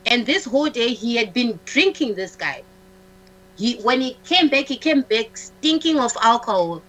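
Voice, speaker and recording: A woman, a talk-show guest, telling a personal story in a halting way, restarting often, repeating words and acting out what others said. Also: a little high, expressive, fairly bright tone, rough recording. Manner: acts out the dialogue of others in her story.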